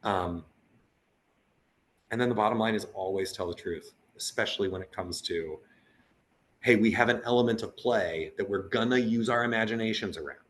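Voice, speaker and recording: A man's voice: lowish voice, normal speed. A man who works as a puppeteer and teaching artist, talking earnestly in a casual video-call conversation and acting out voices as he tells stories. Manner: earnest and animated, acts out quoted voices.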